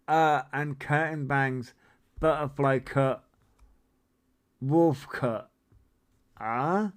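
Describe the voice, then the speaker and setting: A man in his forties hosts a relaxed livestream, answering viewer comments as he rambles. His voice is smooth and clean, and he takes his time between swear-laden, disbelieving asides. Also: mid-range voice. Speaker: livestream host. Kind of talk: casual livestream chat reading viewer comments.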